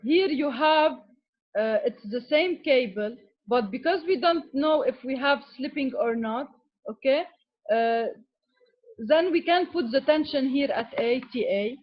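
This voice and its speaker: A woman's voice: high-pitched, unhurried, muffled recording. A woman giving a classroom lecture as an engineering teacher, explaining step by step and often checking in with "okay?". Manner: switches to Arabic with students.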